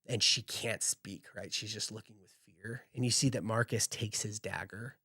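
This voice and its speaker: A man's voice: fairly low pitch, steady tone, normal speed, sharp tone, husky, dry recording, clean studio sound. A man running a tabletop game as game master, narrating scenes in a loose, descriptive way.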